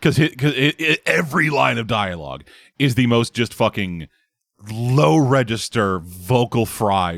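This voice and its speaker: A man's voice: mid-range voice, measured pace, gravelly, no room sound, clean studio sound. A man in casual chat, bluntly and profanely tearing into a game. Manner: blunt, profane, animated critique.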